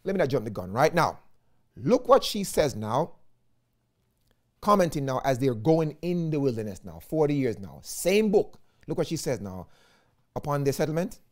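Lively Jamaican evangelist preaching. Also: male voice, on the high side, normal speed. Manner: animated preaching, often addresses listeners as "friends", slips into patois. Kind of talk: sermon.

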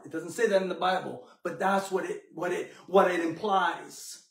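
A man's voice: high voice, steady tone, normal speed, gravelly, fairly bright tone, recorded from a distance. A man preaching a sermon, telling the story dramatically and acting out the characters. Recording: echoey room, mic from afar.

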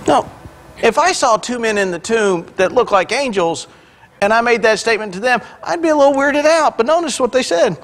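A man with a strikingly high voice preaching a conversational sermon. He retells scripture in everyday words and drops in joking asides, speaking from the pulpit of a church. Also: expressive, fairly quick, a bit bright. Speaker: pastor. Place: church sanctuary.

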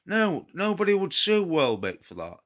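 A man's voice: sits high, wildly swooping pitch, normal speed, fairly bright tone, muffled recording. Angry Nottinghamshire man ranting to camera. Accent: Nottinghamshire English. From England. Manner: indignant, repetitive, blunt and defiant. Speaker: paranormal vlogger. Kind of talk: angry direct-to-camera rant.

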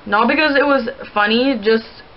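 A woman's voice: a little high, normal speed, highs cut off. A young woman vlogging casually, rambling through viewer questions with lots of "like" fillers. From Canada. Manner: rambling, chatty, many "like" fillers. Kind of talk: casual chat to camera.

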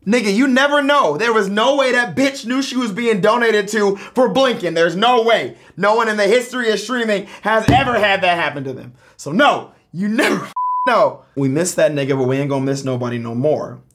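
A man talking straight to camera in a casual confessional vlog, animated and profane, swinging from loud outbursts to low mutters. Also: brisk. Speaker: YouTuber.

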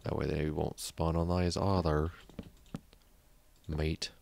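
A man's voice: extremely low pitch, steady tone, normal speed, gravelly, noisy background. A man hosting a let's play, chatting casually and thinking aloud as he builds, sometimes muttering under his breath. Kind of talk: casual gameplay commentary.

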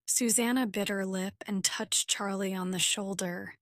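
Slow, dry-voiced woman reading a story. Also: medium pitch, fairly even intonation, no room sound. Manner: slow, carefully clear reading for learners. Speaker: narrator. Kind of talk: graded reader story narration.

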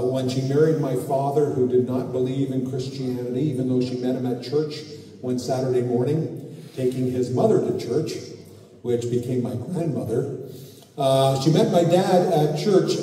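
A man's voice: medium pitch, moderate pace, mellow, far from the mic. Man telling a story from afar in an echoey hall. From Canada. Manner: storytelling, frequent uh fillers. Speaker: pastor. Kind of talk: sermon testimony.

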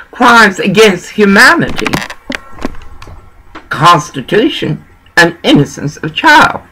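A man's voice: a little high, bright, forceful tone, slight background noise, low-quality recording. A man from Texas, talking in a preachy, meandering monologue. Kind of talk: rambling monologue.

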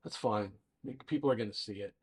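A young adult man, an independent filmmaker co-hosting a casual podcast with his father, talking in a relaxed, rambling way with frequent restarts. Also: lowish voice, fast, breathy edge. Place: indoor dining room.

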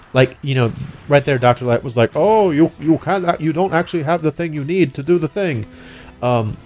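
Chatty young man narrating gameplay. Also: mid-range voice. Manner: chatty, excitable, many restarts and fillers. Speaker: let's play host. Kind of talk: casual gameplay commentary.

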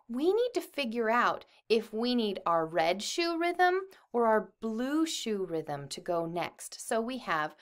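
Woman music teacher, super lively voice, talks slow and cheery to little kids. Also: fairly high pitch. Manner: slow, encouraging, addresses children. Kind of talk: children's music lesson.

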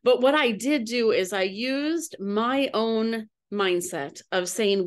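A middle-aged woman coach telling a personal story in an earnest way, with pauses and fillers. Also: on the high side.

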